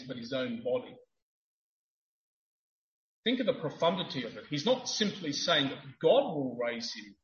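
Emphatic preacher man in a roomy hall. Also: mid-range voice. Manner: emphatic, building to fervent peaks. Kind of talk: sermon. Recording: roomy, dull lo-fi church recording.

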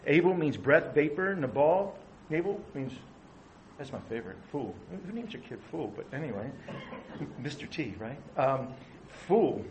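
A man's voice: a little high, big pitch swings, measured pace, muffled recording, slight background noise. A middle-aged man preaching a conversational sermon, asking his listeners questions. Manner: conversational, asks the audience questions. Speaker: pastor.

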